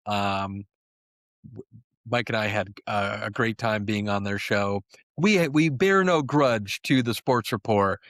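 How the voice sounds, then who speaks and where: A man's voice: on the low side, takes it slowly, fairly bright tone, dry recording, studio quality. A man co-hosting a soccer podcast in casual chat, rambling and profane with plenty of "uh" fillers. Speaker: podcast co-host.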